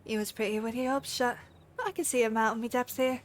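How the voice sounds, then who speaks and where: A woman's voice: on the high side, fairly even intonation, fast talker, slight background noise, natural voice. A woman doing a swaggering cutthroat pirate. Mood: menacing. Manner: rough put-on pirate accent, drawled taunts. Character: swaggering cutthroat pirate villain, taunting and bloodthirsty.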